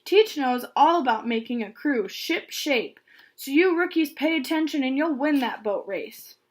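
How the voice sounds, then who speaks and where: A woman voicing a loud, booming, sinister male camp owner in a children's story. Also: animated, unhurried. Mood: gruff.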